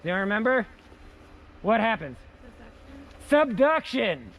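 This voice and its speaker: High-voiced playful male teacher outdoors. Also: moderate pace. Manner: playful, energetic, repeats key words. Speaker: science teacher. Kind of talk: outdoor hands-on lesson. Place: outdoors in snow.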